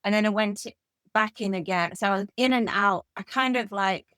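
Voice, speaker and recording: An English woman in her fifties, a guest author in an interview, telling lively anecdotes. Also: medium pitch, normal speed, clear, resonant tone, no room sound. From England. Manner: animated anecdotal storytelling. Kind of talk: conversational interview.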